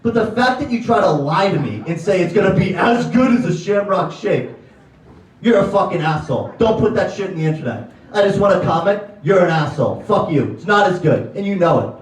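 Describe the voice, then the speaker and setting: A man's voice: high-pitched, animated, brisk. A young man from Connecticut doing a profane, ranting stand-up set in a comedy club. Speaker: stand-up comic. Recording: echoey club from far off.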